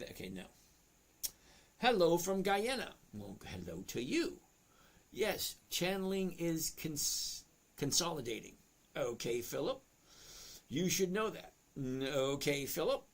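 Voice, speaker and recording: Gravelly man hosting a trading livestream. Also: fairly high pitch. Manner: chatty, greets viewers by name, explains charts step by step. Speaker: stock trading livestream host. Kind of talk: casual livestream chat reading viewer comments.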